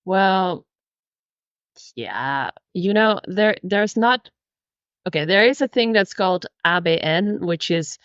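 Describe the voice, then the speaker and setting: A woman's voice: medium pitch, lively intonation, slow pace, a bit bright, clear, resonant tone, no room sound, dull audio. A woman from the Netherlands with a Dutch accent, a language teacher chatting and explaining with frequent restarts in a podcast interview.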